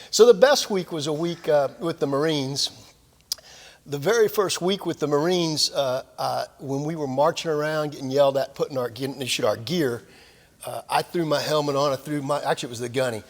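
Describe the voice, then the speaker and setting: Speaking briskly in a somewhat high voice, a retired naval officer, an older man, is the guest at a military lecture series in a club's lecture hall. His anecdotal talk is folksy and self-deprecating, dotted with fillers, and the sound is that of a big room.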